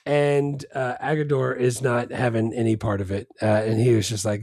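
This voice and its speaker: A man's voice: medium pitch, moderate pace, a little mellow, no echo, clean studio sound. A man co-hosting a podcast, chatting casually about a film in a rambling, laid-back way with lots of fillers and restarts. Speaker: podcast co-host. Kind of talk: casual movie chat.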